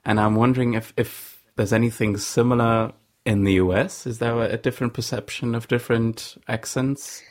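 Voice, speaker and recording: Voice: medium pitch, steady tone, normal speed, hardly any pauses, darkish tone. A podcast host asking curious, polite questions in a casual interview, with some hesitation.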